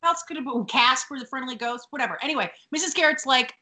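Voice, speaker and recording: A woman's voice: sits high, fast, pushed and bright. A woman co-hosting a podcast, chatting casually and joking dryly, with lots of "like" and "um". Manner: dry joking, fillers like "like" and "um". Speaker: podcast co-host. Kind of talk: casual recap chat.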